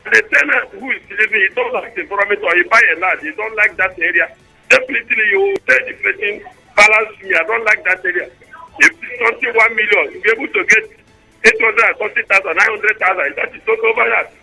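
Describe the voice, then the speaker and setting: A man's voice: high-pitched, fast, vocal fry, bright, forceful tone, low-quality recording. A Nigerian man calling in to a radio show by phone, making his case earnestly and repeating himself. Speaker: caller. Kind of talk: phone-in caller.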